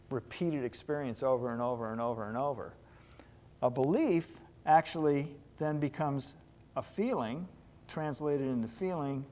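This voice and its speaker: A man's voice: medium pitch, mellow. A man giving a classroom lecture on hypnotherapy, talking conversationally and checking in with his students with questions.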